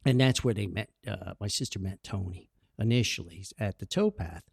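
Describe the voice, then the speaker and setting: A man's voice: fairly low pitch, normal speed, creaky, slightly rough, no room sound, studio quality. A man telling old neighborhood stories in a casual podcast monologue, laughing and acting out the dialogue. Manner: animated, laughing, acts out dialogue. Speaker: podcast storyteller. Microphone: studio mic.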